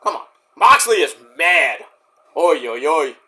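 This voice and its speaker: A man's voice: on the high side, measured pace. A man casually reviewing a wrestling show as he watches, swearing and acting out the wrestlers' lines. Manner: excitable, swears, mimics wrestlers' promos. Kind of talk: casual live-watch commentary.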